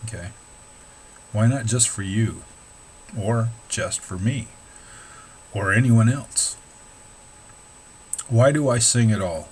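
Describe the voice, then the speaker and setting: Middle-aged male hobby musician, casual vlog talk, low-ish pitch, frank and profane, restarts a lot. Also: slow, pauses often, a little hiss or hum, rough recording. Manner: candid, swearing, rambling with restarts. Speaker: amateur musician.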